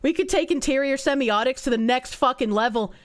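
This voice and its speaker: A woman with a New Jersey accent is streaming live, reacting to chat in a loud, crude, animated way and bursting into shrieking laughter. Her voice is high-pitched and a little fast.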